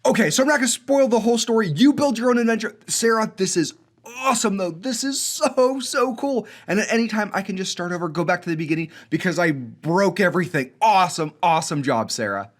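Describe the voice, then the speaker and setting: High-voiced, excitable young man hosting. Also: fairly quick. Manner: energetic, enthusiastic, self-mocking. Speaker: host of a coding school showcase. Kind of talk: upbeat video showcase, playing student games. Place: indoor studio with green screen.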